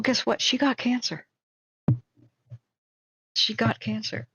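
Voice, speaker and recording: A woman's voice: lowish voice, dry recording, lo-fi sound. Chatty woman streamer with a sore voice. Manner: chatty, emphatic, repeats words when starting sentences. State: slightly sore voice. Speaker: wildfire-tracking live streamer. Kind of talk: casual live-stream chat. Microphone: home streaming setup.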